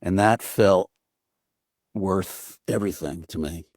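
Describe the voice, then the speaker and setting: Older guy with a really deep voice, thoughtful, kinda rambly, dry close sound. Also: slow, darkish tone, no echo. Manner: earnest storytelling with restarts. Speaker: author guest. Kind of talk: reflective conversation.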